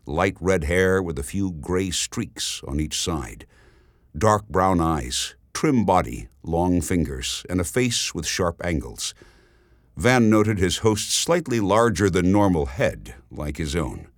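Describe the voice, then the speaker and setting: A man reading scripted narration of a story in a steady, descriptive way. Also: deep voice, slow pace, dry recording, clean studio sound.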